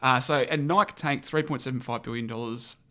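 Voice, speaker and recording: Quick, opinionated young man. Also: medium pitch, sharp tone. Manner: brisk, opinionated, drives the topics. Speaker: podcast host. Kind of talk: casual political chat.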